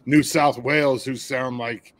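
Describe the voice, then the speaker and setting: A man's voice: mid-range voice, steady tone, unhurried. A man co-hosting a talk show, chatting loosely, joking and laughing. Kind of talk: casual chat.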